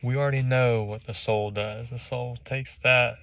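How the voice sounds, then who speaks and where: A man's voice: mid-range voice, normal speed, vocal fry, no echo, highs cut off. A man telling a motivational story in the second person and acting out the scenes with animation. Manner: animated, acts out scenes vividly. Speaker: motivational speaker.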